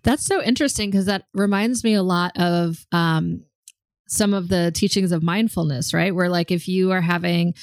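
A woman co-hosts a relaxed conversation in a slightly low, gravelly voice. She thinks aloud with plenty of ums and restarts. The sound is close and dry. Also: no echo. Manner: thoughtful, frequent ums and restarts. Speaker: podcast co-host. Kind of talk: casual conversational chat.

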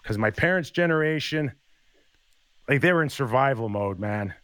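A man's voice: mid-range voice, normal speed, clean tone, dry recording. A man in his fifties, a former hockey player, telling stories in a casual chat and acting out the quotes. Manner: animated storyteller acting out quotes.

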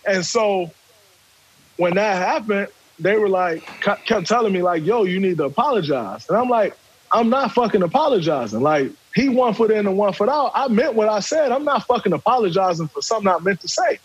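A man, telling a story in casual talk, animated and profane, acting out quotes. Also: sits high, a little fast, lo-fi sound, slight background noise.

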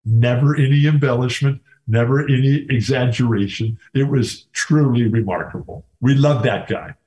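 A man's voice: medium pitch, moderate pace, a little mellow, rough recording. An older man, a former college basketball player, talking as a guest in a casual interview, telling enthusiastic stories with many restarts.

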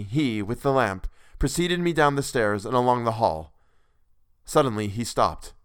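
A man's voice: medium pitch, expressive, a little slow, clear, resonant tone, no room sound. A man narrating a classic novel in the first person with earnest, dramatic delivery, recorded on a close microphone.

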